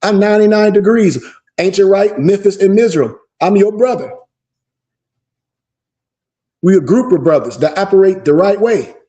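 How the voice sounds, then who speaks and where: Male teacher, fairly high, mellow voice, emphatic repetitive preaching style for an esoteric class lecture. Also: lively intonation. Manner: slows down to spell out lists.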